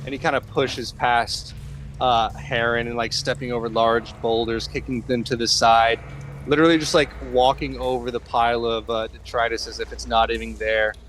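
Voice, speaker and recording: A man's voice: mid-range voice, little pitch movement, moderate pace, fairly bright tone, a little hiss or hum. A man narrating a tabletop game as game master, loose and full of fillers.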